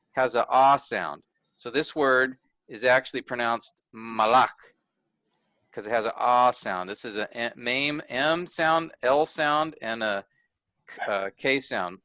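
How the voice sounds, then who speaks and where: A man gives an online lesson at an unhurried pace, with a bright, clear tone and a dry, close sound. He explains step by step and keeps checking that everyone can follow. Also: mid-range voice, no echo. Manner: patient, often checks understanding. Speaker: Bible teacher. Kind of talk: online workshop lecture. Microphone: video call.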